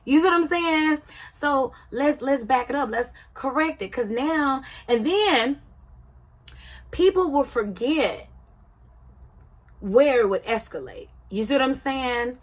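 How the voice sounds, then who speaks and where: Chatting casually about a reality show, this woman has a high-sitting, animated voice and a slow pace. She talks emphatically, like she's in a conversation, frequently checking in with "you see what I'm saying."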